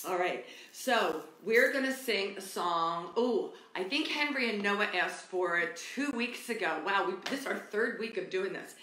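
A woman's voice: medium pitch, expressive, a little slow, hardly any pauses, slight background noise. A woman teaching a livestreamed kids' music class, cheerful and encouraging. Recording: roomy echo, loud guitar.

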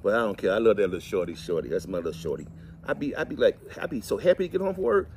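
A middle-aged man, chatting and telling folksy, animated stories to the camera outdoors while cleaning fish. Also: on the low side, very fast, a little hiss or hum. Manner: folksy, animated, preachy asides. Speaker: vlog host. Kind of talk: casual storytelling chat.

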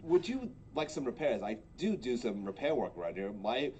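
A man's voice: medium pitch, big pitch swings, moderate pace, darkish tone, slight background noise, close to an everyday voice. A man voicing a prim, formal male character who stammers in a tabletop game. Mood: polite.

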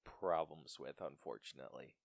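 A young man co-hosting a podcast, chatting casually about a film with an animated, stumbling delivery and frequent laughs. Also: a bass voice, moderate pace, creaky, dry recording, clean studio sound. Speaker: podcast co-host. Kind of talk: casual film review chat.

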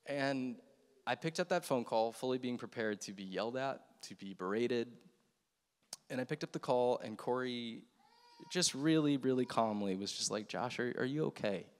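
A man in his thirties giving an earnest, reflective personal testimony on a church stage, speaking with soft pauses. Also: medium pitch, animated, smooth. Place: large hall with stage. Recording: long hall reverb.

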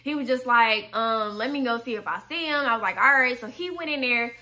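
A young woman spins a storytime tale for her channel, her voice high and very bright. She talks loose and slangy, swears freely, and jumps into her own angry lines as she retells them. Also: fairly quick. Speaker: storytime vlogger. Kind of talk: casual storytelling to camera.

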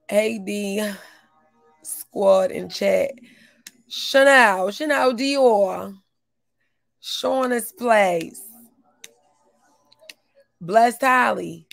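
A woman's voice: medium pitch, extremely slow, gravelly, pauses often, dry recording. Fired-up woman ranting on a livestream. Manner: loud, profane, laughing rant, greets chat by name. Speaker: livestream host. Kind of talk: profane livestream rant.

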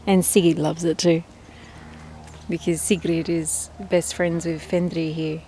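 Filming her flock in the backyard, an Australian woman talks to and about her ducks with casual affection. She speaks slowly in a lowish, mellow voice with a level tone, and faint outdoor noise is audible.

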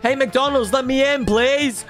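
A man voicing an excitable, cheeky baby boy in game commentary, squealing and talking straight to viewers. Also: extremely high pitch, measured pace, soft background music. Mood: whiny. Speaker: gaming YouTuber.

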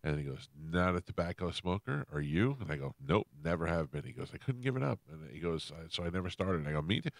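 A man hosting a radio show, telling a story in a casual, animated way and acting out what people said. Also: low voice, fast, hardly any pauses, dry recording. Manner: animated, acts out quotes in shifting voices. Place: radio studio. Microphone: studio microphone.

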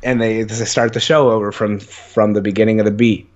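A man's voice: lowish voice, level tone, brisk. Young man rambling eagerly, dull lo-fi audio. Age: young adult. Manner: rambling, many "like" fillers, enthusiastic storytelling. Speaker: interview guest. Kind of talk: casual conversation.

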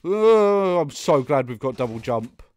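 A young man talks his way through a video game on a close microphone, the sound dry with no room around it. His voice sits at a middle pitch, and he swings between muttering to himself and exasperated outbursts at the game. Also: expressive, measured pace, no echo. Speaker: gaming YouTuber. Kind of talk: let's play commentary.

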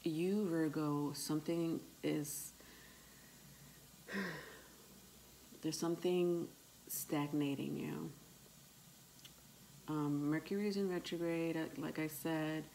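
A woman with a low voice and a slow, unhurried pace gives a tarot reading to her viewers. She hesitates often, filling gaps with ums, and calls her listeners "my love". A faint noise sits behind her voice. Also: steady tone, vocal fry, mellow, rough recording. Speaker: tarot reader.

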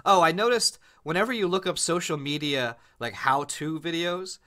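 A man co-hosting a podcast in casual chat, animated and laughing often. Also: a little high, moderate pace. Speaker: podcast co-host.

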